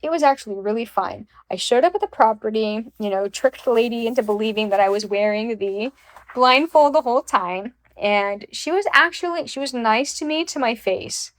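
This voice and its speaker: A young woman vlogger telling a casual storytime, swearing freely and acting out the people in it with sudden jumps in her voice. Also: normal speed. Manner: animated, swears freely, acts out quotes with pitch jumps.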